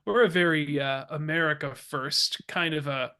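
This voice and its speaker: Bright-voiced man co-hosting a podcast. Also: a little high, steady tone, smooth. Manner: quick, joking asides and stammered restarts. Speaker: podcast co-host. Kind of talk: casual chat.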